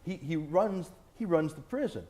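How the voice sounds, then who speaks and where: A man's voice: fairly high pitch, expressive, moderate pace, a little mellow. A man being interviewed as an author and TV host, arguing his points in an emphatic, combative way during a sit-down interview. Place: indoors, filmed interview.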